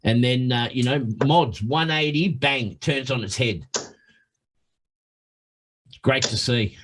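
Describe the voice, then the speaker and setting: A man co-commentating live darts, excitable and teasing, with blunt swearing. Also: mid-range voice, slow pace, background noise.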